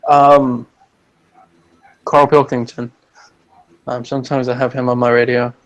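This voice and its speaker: A man's voice: medium pitch, level tone, measured pace, low-quality recording. A man in casual chat, jokey and teasing, often stopping and restarting his sentences.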